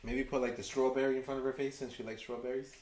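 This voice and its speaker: A man with a New York accent giving chatty, excitable fan commentary to his livestream chat. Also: medium pitch, fast, echoey room, far from the mic, background noise. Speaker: livestream host. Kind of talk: fan watch-along commentary.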